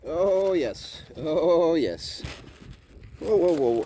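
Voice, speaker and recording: A man's voice: a little high, expressive, extremely slow, mellow, a little hiss or hum. A man vlogging outdoors on his homestead, chatting casually and coaxing and scolding his goats. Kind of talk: casual vlog narration. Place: outdoors on a farm.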